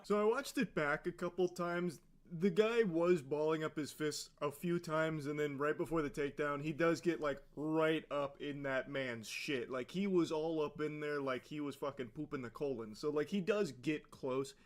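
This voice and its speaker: Brief: man, sarcastic video commentator, casual and profane, slightly higher voice. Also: moderate pace, few pauses. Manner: sarcastic, profane, filler-heavy. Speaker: reaction commentator.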